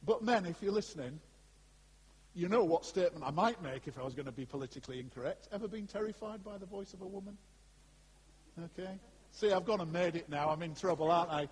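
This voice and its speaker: A man preaching a sermon to a congregation in an animated, conversational way, with asides to his listeners. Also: sits high, brisk, slightly rough. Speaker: pastor. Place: church before a congregation. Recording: long hall reverb.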